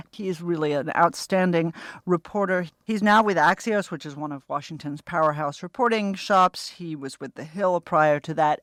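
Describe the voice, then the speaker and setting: A middle-aged woman, born in Australia, co-hosting a political podcast with a sharp, sardonic manner and frequent laughs. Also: sits low, no echo, studio quality. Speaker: podcast co-host. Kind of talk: opinionated political chat.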